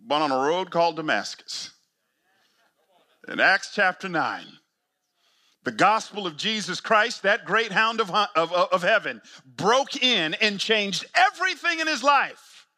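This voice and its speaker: A man's voice: lively intonation, a little slow. A man preaching a sermon to church planters, emphatic and full of rhetorical questions. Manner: emphatic, rhetorical questions, big swings in pitch and loudness.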